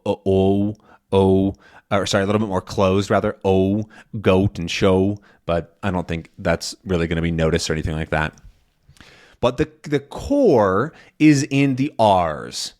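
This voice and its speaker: A young man teaching an English lesson in a casual way, pausing to demonstrate and drawn out sounds, with frequent ums and self-corrections. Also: fairly low pitch.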